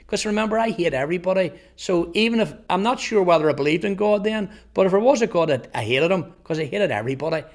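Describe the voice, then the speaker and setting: A man in his fifties with a Northern Irish accent, earnestly telling his life testimony, halting at times over repeated words. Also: sits high, animated. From Northern Ireland. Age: 50s. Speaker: testimony speaker. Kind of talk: personal testimony storytelling.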